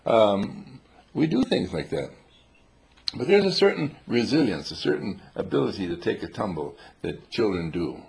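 Telling long, funny, wandering stories to a few listeners, this older man has a very deep, gravelly voice and a darkish tone. He is playful and highly animated, chuckling often and tossing in old-fashioned exclamations at a moderate pace.

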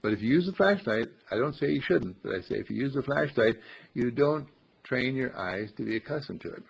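A gravelly, husky male teacher addresses a small group on spirituality at a medium pitch with lively intonation. His delivery is slow and emphatic, full of chant-like repetition, and the recording is dull lo-fi.

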